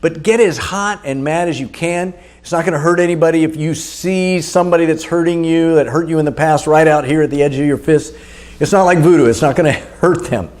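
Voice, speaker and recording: A man's voice: on the high side, fairly quick, darkish tone. Man coaching an anger exercise. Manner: coaching, urging the listener on. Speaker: anger workshop teacher. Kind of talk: guided exercise talk.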